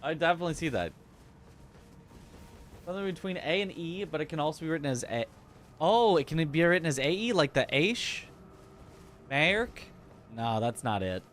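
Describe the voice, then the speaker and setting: A man's voice: on the high side, lively intonation, brisk, pauses often, slight background noise. A young man streaming a game, chatting casually with his chat, laughing often and musing aloud about how words are pronounced. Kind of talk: casual livestream chat while gaming.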